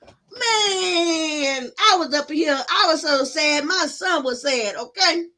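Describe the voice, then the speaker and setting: A middle-aged woman vlogger, telling a story to her viewers in a loud, profane, animated way with sudden shouts. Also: sits high, normal speed.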